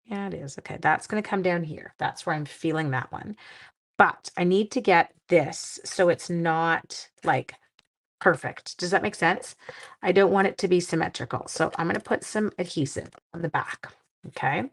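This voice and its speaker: A woman's voice: lowish voice, moderate pace. A middle-aged woman from Canada hosting a card-making livestream, chatting playfully with viewers while she works. She sounds tired. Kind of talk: casual crafting livestream chat.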